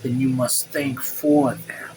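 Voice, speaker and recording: A man voicing a cold, polite occupying army colonel in a read-aloud story, measured and insistent. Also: mid-range voice, level tone, noisy background, natural voice. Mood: cool.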